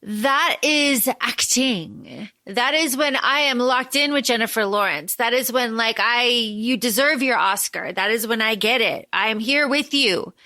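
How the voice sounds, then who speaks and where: A woman's voice: a little high, measured pace, sharp tone, no room sound. A woman co-hosting a podcast, recapping a movie in casual, slangy, playful chat. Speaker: podcast co-host.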